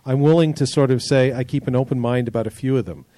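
A man co-hosting a casual panel discussion, talking in a thoughtful, measured and skeptical way. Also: medium pitch, warm tone, no room sound. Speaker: podcast co-host.

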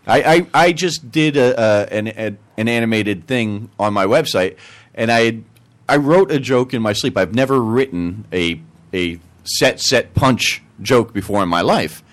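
A man's voice: on the low side, unhurried. A man, a comedy writer and guest, chatting casually after some drinks, rambling and stammering through restarts. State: tipsy from drinking. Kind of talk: casual chat.

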